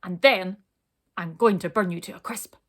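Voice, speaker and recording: A woman voicing a huge fire-breathing male dragon from a children's storybook, deep and bellowing. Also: takes it slowly, slightly rough, exaggerated voice. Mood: menacing. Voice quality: deep rumbling. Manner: loud, bellowing threats.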